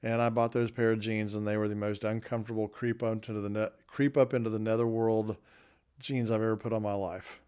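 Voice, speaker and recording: A man in his fifties spins loose, folksy stories from his working life, correcting himself as he goes. His voice sits low and smooth, with a steady, fairly even tone. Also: a little fast. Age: 50s. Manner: folksy, rambling anecdotes with self-corrections. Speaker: guest recounting his restaurant career. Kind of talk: casual storytelling interview.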